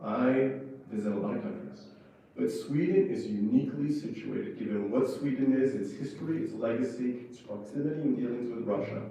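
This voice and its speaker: A man's voice: medium pitch, a little fast, few pauses, warm tone. A man, a former ambassador, giving an impassioned and emphatic conference speech. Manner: fervent, worked up, emphatic. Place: conference room. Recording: echoey hall from far off.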